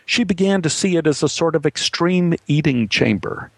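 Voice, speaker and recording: A man telling a personal story as a monologue, with wry, dry humor and an unhurried manner. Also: on the high side, lively intonation, vocal fry, no echo.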